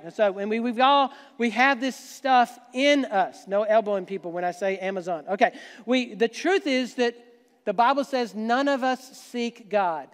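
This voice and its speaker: A man giving a conversational sermon as pastor, joking asides to the congregation. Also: high-pitched. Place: church sanctuary. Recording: long church hall reverb.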